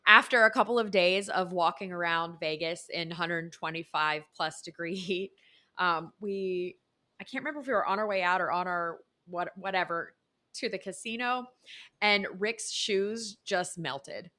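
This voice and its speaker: A woman co-hosting a travel podcast who tells stories casually and chimes in with quick, lively reactions. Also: on the low side. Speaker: podcast co-host. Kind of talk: casual storytelling chat.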